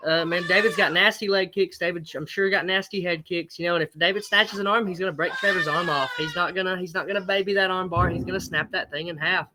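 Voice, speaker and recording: Fast-talking, high-voiced man. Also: fairly even intonation, very noisy. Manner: blunt, emphatic, swears freely. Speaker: fight promotion owner, guest. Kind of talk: casual interview chat.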